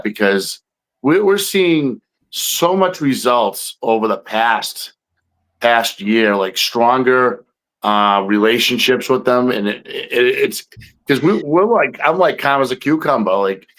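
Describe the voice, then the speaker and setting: A man's voice: on the low side, fairly bright tone, poor audio. A man co-hosting a podcast, telling a field story in a rambling way with many fillers. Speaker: podcast co-host, Bigfoot investigator. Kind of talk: casual chat.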